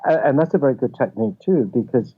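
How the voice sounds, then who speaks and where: A man's voice: mid-range voice, expressive, fast talker, breathy edge. A man, a film festival founder, explaining ideas with anecdotes as a guest in a casual interview. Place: office. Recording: tinny phone-like line.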